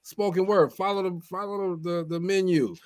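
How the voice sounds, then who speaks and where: A man's voice: sits high, fairly even intonation, moderate pace, dry recording. Joking man hosting a live show. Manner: joking, loose, laughing. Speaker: host.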